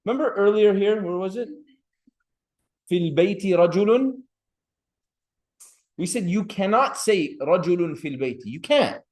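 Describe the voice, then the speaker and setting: A man with a slightly high voice lectures a seminary class on grammar. He switches between English and recited Arabic phrases and calls on students by name. His delivery stays lively and hands-on. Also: normal speed, pauses often.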